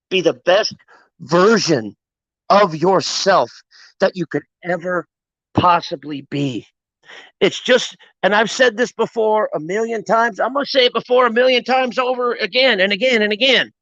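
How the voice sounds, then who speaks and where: A high-pitched man delivering a live-streamed motivational talk. He preaches with emphatic insistence and swears freely. The sound is dry, close and slightly dull, like lo-fi stream audio. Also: a bit bright, dry recording. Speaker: motivational livestreamer.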